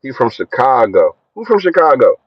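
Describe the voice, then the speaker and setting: A young man chatting casually on a sports live stream, slangy and shouting out his viewers. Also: normal speed, slightly rough, no echo. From Philadelphia. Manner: slangy, shouts out viewers, lively swings in pitch. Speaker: sports vlogger. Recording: dry, dull lo-fi phone audio.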